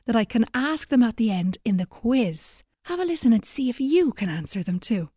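A woman presenting a children's educational radio segment, animated and encouraging in her teacher-like tone. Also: on the high side, moderate pace, no room sound, clean studio sound.

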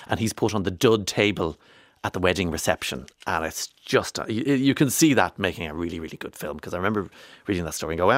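A low-voiced Irish man hosting a radio show, chatting away in a loose, rambling way with playful asides. The sound is dry and close, straight into a studio microphone. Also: fast talker, dry recording. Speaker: radio presenter. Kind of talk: casual radio chat.

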